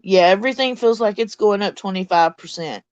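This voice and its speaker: A middle-aged woman with a Deep South Mississippi accent, chatting bluntly and casually as a livestream host reading her chat. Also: fairly quick, clear, resonant tone, no room sound, dull audio.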